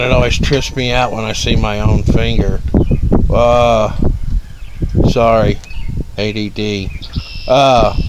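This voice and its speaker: Man, Ohio-born, slow unhurried livestream host; bouncy, slightly high voice, laughs easily; porch, faint rural background. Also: noisy background. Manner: rambling, drawling, chuckles often. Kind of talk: casual live chat greeting viewers. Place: front porch outdoors.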